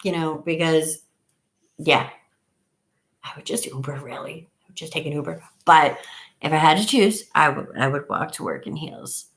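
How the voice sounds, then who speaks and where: A woman's voice: low voice, moderate pace, a bit bright. A middle-aged woman hosting a casual live stream from home, chatty and rambling, trailing off as she counts. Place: at home, camera on a table. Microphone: device camera on a table.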